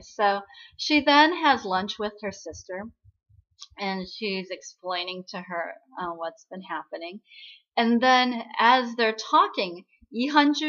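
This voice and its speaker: A woman's voice: mid-range voice, sharp tone, muffled recording. A woman casually recapping a drama episode in a chatty way, often tagging on questions as she retells scenes.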